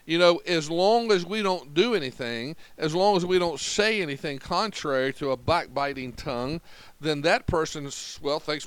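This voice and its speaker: A man's voice: fairly high pitch, normal speed, fairly bright tone, clean tone, no room sound, low-quality recording. A man preaching a sermon in an earnest, conversational manner, walking through Bible verses. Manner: earnest, conversational Bible teaching with acted-out quotes.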